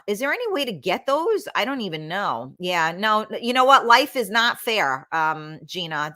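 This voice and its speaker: A middle-aged woman hosts a casual live-stream chat. Her voice is bright and forceful, and she rambles through fillers and restarts, swearing bluntly as she reads out viewer comments. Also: medium pitch. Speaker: talk show host reading live comments.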